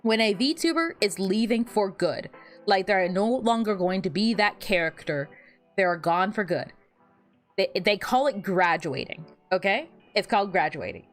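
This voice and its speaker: A young woman VTuber streamer chatting casually while she fiddles with her setup, animated and giggly, often repeating words and laughing at her own jokes. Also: medium pitch, measured pace, faint music behind. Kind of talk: casual livestream chat.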